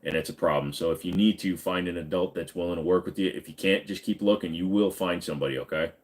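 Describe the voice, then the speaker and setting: A man's voice: low voice, fast talker. A man in his forties, tired after hours of live streaming, chatting casually and joking as he reads out viewer comments, swearing freely.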